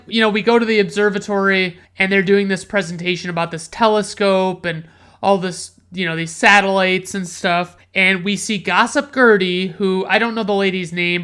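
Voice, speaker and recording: A man's voice: sits high, pushed and bright. Rambling, cursing man reviewing a movie. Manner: rambling, profane, heavy use of "like" and "you know"; incredulous, sarcastic. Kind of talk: casual movie review rant.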